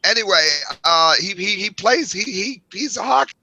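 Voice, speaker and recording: A man in his forties co-hosting a casual talk show, animated and rambling. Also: high-pitched, normal speed, gravelly, no echo, poor audio. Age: 40s. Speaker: co-host.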